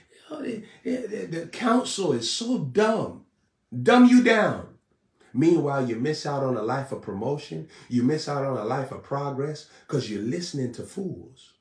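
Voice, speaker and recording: Man preaching live, fiery and repetitive, rising to shouts; echoey room, off-mic. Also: mid-range voice, recorded from a distance. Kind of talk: live-streamed sermon.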